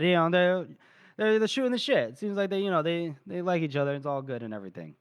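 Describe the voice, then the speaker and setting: A man's voice: on the high side, lively intonation, quick pace, clear, resonant tone, no room sound. A man co-hosting a podcast, casually retelling a book chapter and briefly acting out the characters' lines. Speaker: podcast co-host.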